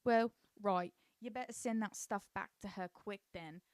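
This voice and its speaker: A woman's voice: mid-range voice, moderate pace, darkish tone, dry recording, close to an everyday voice. A woman doing a snappy teen girl, mock British. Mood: accusing. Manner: blunt, snappy, accusing. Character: fierce suspicious teenage schoolgirl, confrontational.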